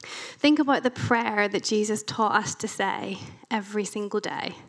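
A woman's voice: medium pitch, normal speed. A woman preaching a sermon, reading scripture aloud and explaining it in a conversational way with wry asides.

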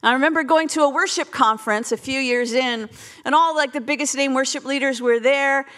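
High-voiced New woman preaching. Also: a little fast, fairly bright tone, clean tone. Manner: self-deprecating storytelling with laughs. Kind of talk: sermon.

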